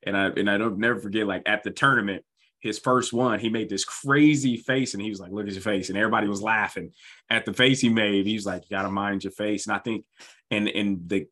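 A man's voice: lowish voice, fairly bright tone, breathy edge. A man hosting a casual conversation, an enthusiastic storyteller who drifts into rambling asides.

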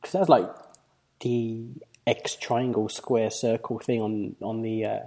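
A man in casual gaming chat, jokey and quick to laugh at his own slips. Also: fairly low pitch, flat delivery, dark tone.

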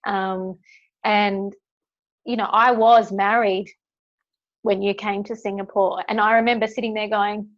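A woman hosting a podcast, tearful and heartfelt, talking warmly and effusively with friends. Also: mid-range voice, flat delivery, unhurried, pauses often, highs cut off. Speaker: podcast host. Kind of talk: emotional podcast conversation.

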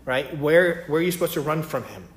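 A man's voice: on the high side, expressive, fairly quick, slight background noise. A man giving a casual Bible teaching, talking conversationally and often checking in with his listeners. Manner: conversational, many fillers and "right?" checks. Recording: echoey room.

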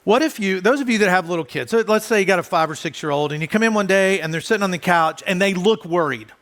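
A man, a pastor, preaching a conversational sermon who often drops soft and low for emphasis. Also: expressive, fast talker.

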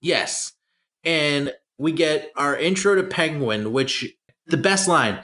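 Brief: podcast co-host, male, bouncy and animated pitch, jokey banter. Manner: animated, joking, quick to laugh. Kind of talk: casual movie-discussion chat.

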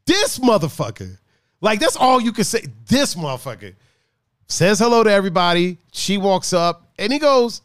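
A man's voice: high voice, big pitch swings, moderate pace, a bit bright, dry recording, studio quality. A young man casually telling a story about a friend, laughing often, swearing and acting out the others' lines.

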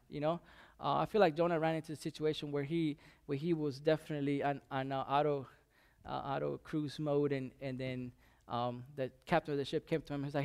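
Gravelly man preaching a casual sermon. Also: a little high, darkish tone. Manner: halting, many restarts and fillers, conversational. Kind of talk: informal sermon.

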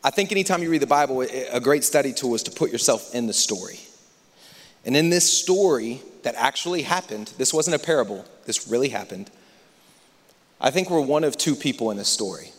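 Impassioned preacher in a reverberant hall. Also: male voice, mid-range voice, lively intonation, a little fast. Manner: dramatic, swings from hushed near-whispers to loud impassioned preaching. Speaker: pastor. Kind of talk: sermon. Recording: long reverb of a large hall.

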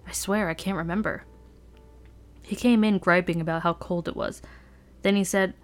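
A woman's voice: on the low side, fairly even intonation, moderate pace, long pauses, soft background music. A woman podcast host reading a first-person novel aloud in a brooding, sardonic narration.

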